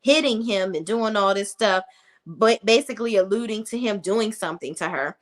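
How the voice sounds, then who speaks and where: A woman's voice: medium pitch, normal speed. A woman recapping a TV episode in a casual, sassy, blunt way, acting out what the characters say. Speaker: TV recap commentator.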